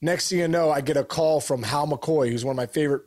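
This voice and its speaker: A man co-hosting a sports podcast, a former baseball player telling stories in casual chat with lively voiced quotes. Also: on the high side, fast talker. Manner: animated storytelling with voiced quotes.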